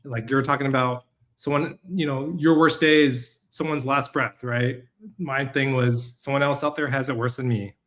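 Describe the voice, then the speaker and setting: A man's voice: medium pitch, steady tone, normal speed, fairly bright tone. A man being interviewed as a guest, speaking earnestly and encouragingly. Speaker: guest, resilience coach. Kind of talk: interview conversation.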